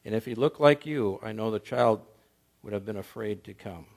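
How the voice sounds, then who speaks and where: A man's voice: lowish voice, moderate pace, gravelly, a little mellow. A preacher voicing a frightened little girl in church who answers earnestly, in his own plain voice.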